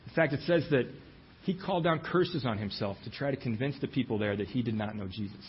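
A man's voice: mid-range voice, brisk, dull audio, a little hiss or hum. Man preaching a storytelling sermon. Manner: storytelling, voices the quoted lines with dramatic shifts.

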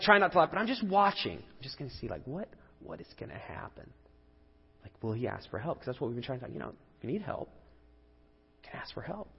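Male pastor, 30s, conversational sermon delivery, slightly husky, dull lo-fi recording. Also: mid-range voice. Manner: earnest, conversational storytelling with rising emphasis. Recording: dull lo-fi audio with long hall reverb.

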